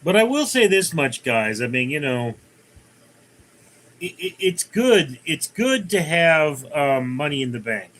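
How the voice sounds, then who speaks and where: Bright-voiced man chatting on a livestream. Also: on the high side, very animated, a little slow, rough recording. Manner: rambling, many fillers and restarts, tells jokes. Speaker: livestream host. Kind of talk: casual chat reading viewer comments.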